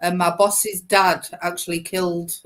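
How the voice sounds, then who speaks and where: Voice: mid-range voice, little pitch movement, measured pace, fairly bright tone. A speaker in casual live stream chat, recounting things in a matter-of-fact way.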